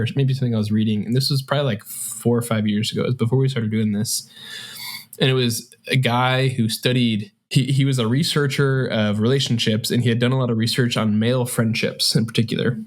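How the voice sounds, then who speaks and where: A man co-hosting a podcast, reflecting in a rambling, casual way with plenty of fillers. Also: medium pitch. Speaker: podcast co-host. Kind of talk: casual book-club chat.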